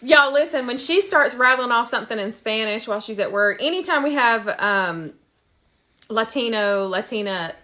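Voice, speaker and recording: A woman, a nurse chatting casually on a livestream, animated and quick to laugh. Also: on the high side. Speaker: ICU nurse and show host.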